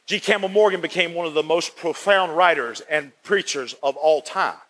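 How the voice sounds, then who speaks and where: A man preaching a sermon as pastor, emphatic and repetitive, swinging between loud and hushed delivery. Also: on the high side, moderate pace. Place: church. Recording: long church reverb.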